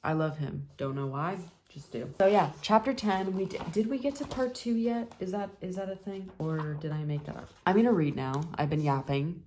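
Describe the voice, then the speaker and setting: A woman filming a casual reading vlog, reacting live to a book, jumping between hushed asides and loud, swearing outbursts. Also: lowish voice, normal speed, few pauses, a little hiss or hum. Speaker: book vlogger.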